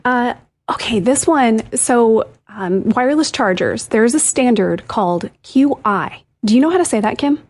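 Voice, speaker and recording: A woman's voice: on the high side, expressive, moderate pace, a little mellow. A woman co-hosting a tech show, chatting animatedly and giggling often. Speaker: co-host. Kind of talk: casual chat.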